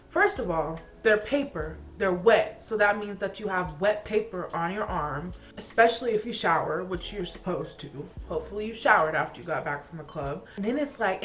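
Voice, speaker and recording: A young woman from Atlanta, Georgia, vlogging in a casual, chatty way, ranting about things that annoy her, full of laughs and filler words. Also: mid-range voice. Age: young adult. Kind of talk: casual chat.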